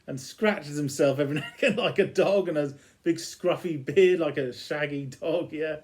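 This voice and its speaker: A man's voice: fairly high pitch, moderate pace. A man casually retelling a TV episode as a reviewer, chuckling between lines.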